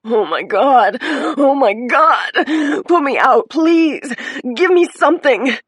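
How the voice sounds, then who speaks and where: A woman's voice: medium pitch, lively intonation, unhurried, slightly rough, no room sound. A woman voicing a badly injured young policewoman who screams, cries and curses. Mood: frantic. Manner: screaming, crying, cursing. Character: young woman cop, injured, frantic and defiant.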